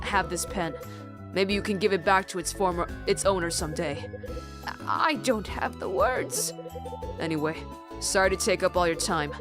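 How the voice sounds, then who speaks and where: A woman voicing a gentle older woman, a retired stage performer, telling a story in a soft, measured way while reading a game aloud. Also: mid-range voice, pitched below the performer's own voice. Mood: tender.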